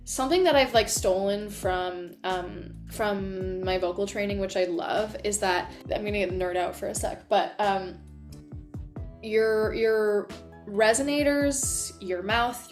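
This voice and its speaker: A woman voice actress, a guest in a casual interview, talking in an animated, enthusiastic way with lots of fillers. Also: mid-range voice. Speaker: voice actor guest.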